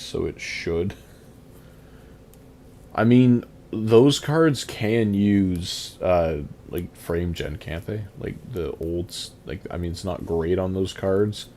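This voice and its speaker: A man with a fairly low, mellow voice chats casually while streaming a game. He rambles loosely, reading and answering his chat aloud with quick chuckles. A faint hum of noise sits under his voice.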